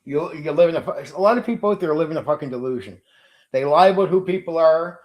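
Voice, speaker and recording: A man's voice: fairly high pitch, fast, a little mellow, echoey room. A man hosting a tabletop gaming stream, ranting bluntly and profanely at his chat. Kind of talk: livestream rant.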